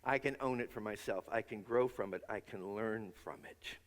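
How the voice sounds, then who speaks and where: A man's voice: fairly low pitch, moderate pace. Earnest male minister in echoing hall. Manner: earnest, leads congregation in spoken affirmations. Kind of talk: sermon. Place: large church sanctuary. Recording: long hall reverb.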